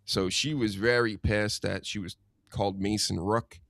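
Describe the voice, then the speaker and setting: A man hosting a casual podcast chat, rambling and chatty with quick asides. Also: lowish voice, fairly even intonation, gravelly, fairly bright tone, no room sound, clean studio sound. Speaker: podcast host.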